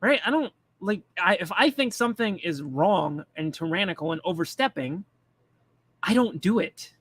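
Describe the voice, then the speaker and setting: A man's voice: high-pitched, lively intonation, normal speed, fairly bright tone, no echo. A man ranting bluntly and profanely in casual political commentary, mocking the people he talks about. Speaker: commentary streamer.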